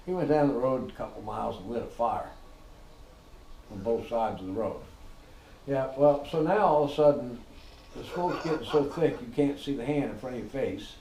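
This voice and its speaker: A man's voice: medium pitch, moderate pace, vocal fry. A middle-aged man telling a story in casual talk, laughing often and acting out what people said. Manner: animated, laughing, swearing, acts out quotes. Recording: echoey room with faint noise.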